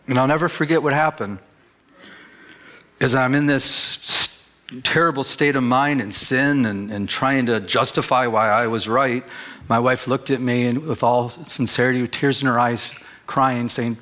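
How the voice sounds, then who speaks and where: A middle-aged male pastor telling a personal story in a sermon, animated and conversational, acting out his own past words. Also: medium pitch, moderate pace. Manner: storytelling, animated when quoting himself.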